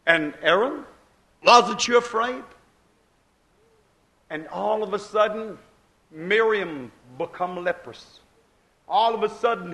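A male preacher delivers a sermon in folksy, plain-spoken dialect. His voice sits high and bright, and he acts out the scripture voices, dropping low and then rising loud as he quotes God.

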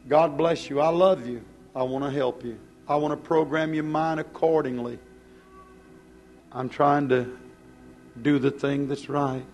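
Slow, pleading male preacher. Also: a little high, a little mellow. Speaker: pastor. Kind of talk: sermon.

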